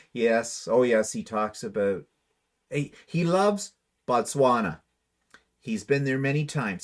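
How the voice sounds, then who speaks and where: A man with an ordinary mid-range voice chats casually on a livestream over a video call mic. He reads viewer comments aloud and answers them with dry, wry jokes. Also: mid-range voice. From Canada. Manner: wry, dry humor, chatty. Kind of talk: casual chat.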